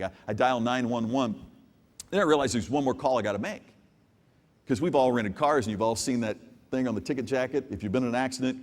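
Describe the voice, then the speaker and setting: A man giving a live keynote speech, telling a story and swinging from hushed asides to loud outbursts. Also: mid-range voice. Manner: animated storyteller with big swings from hushed to shouting. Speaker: keynote business speaker. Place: large hall with an audience. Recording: long hall reverb.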